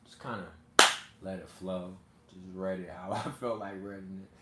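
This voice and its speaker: A man's voice: low-pitched, steady tone, normal speed. Rambling man in an echoey room. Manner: loose, rambling, laughs often. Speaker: channel host. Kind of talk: casual commentary to viewers. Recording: echoey room with faint noise.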